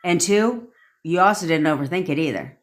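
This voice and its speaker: A woman's voice: fairly low pitch, animated, normal speed. A woman, a manifestation coach, telling a story in a casual live-stream rant, swearing freely and repeating points for emphasis.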